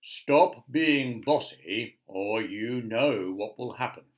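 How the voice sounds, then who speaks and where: A man's voice: mid-range voice, expressive, drawn-out words. A man voicing a stern, grand old wizard in a stately voice.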